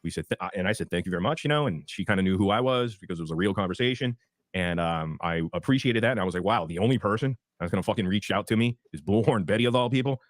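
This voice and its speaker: A man telling a story bluntly and profanely in quick, rambling casual talk. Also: lowish voice, expressive, no room sound.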